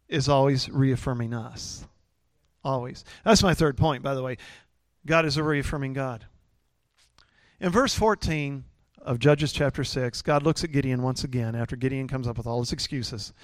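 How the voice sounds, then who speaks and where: A man's voice: medium pitch, a little slow, no echo, studio quality. A middle-aged man preaching a sermon in a folksy, joking way with lots of fillers. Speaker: pastor.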